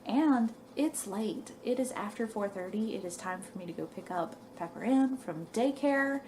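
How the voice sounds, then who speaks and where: A woman's voice: mid-range voice, animated, moderate pace, a little mellow, a little hiss or hum. A young woman, chatting casually to her viewers in a knitting vlog. She rambles and is a little out of breath. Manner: rambling, chatty, says "y'all". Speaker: knitting vlogger. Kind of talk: casual chat to camera.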